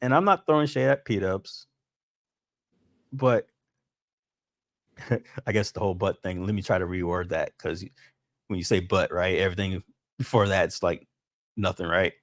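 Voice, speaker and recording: A man's voice: low voice, moderate pace, long pauses, no room sound, clean studio sound. A man hosting a casual livestream, venting with profanity and frequent laughter. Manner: frustrated, profane, laughing between complaints. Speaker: stream host.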